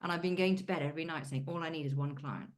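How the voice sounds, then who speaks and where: A woman's voice: low-pitched, quick pace. A British woman talking casually on a group coaching video call, chatty, with everyday British idioms. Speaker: coaching client.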